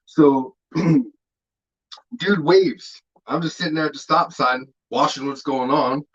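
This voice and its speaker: A man as an interview guest, telling stories in a laid-back, rambling way, swearing freely and filling pauses with "um" and "like". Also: fairly high pitch, fairly bright tone, slightly rough, dull audio. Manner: laid-back, profane, rambling with many fillers. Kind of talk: casual storytelling interview.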